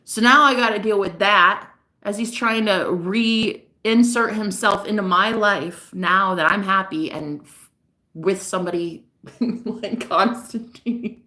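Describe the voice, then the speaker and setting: Woman vlogging, gossipy and swearing a lot, laughs a bunch, lively up and down voice. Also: mid-range voice, takes it slowly. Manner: animated, laughing, profane and emphatic. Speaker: spiritual reader and vlogger. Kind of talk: casual gossipy monologue.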